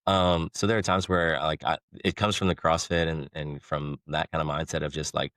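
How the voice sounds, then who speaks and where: Male podcast guest, deep voice, dry sound, loose rambling chat with laughs. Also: fairly even intonation, fast talker, hardly any pauses, fairly bright tone, no room sound. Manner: rambling, self-correcting, laughs between thoughts. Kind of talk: casual conversation.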